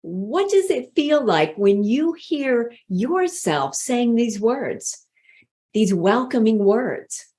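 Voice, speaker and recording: A woman leadership speaking coach giving a motivational workshop talk in a deliberate, inviting way. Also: on the high side, sing-song, warm tone. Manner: slow, deliberate, inviting delivery.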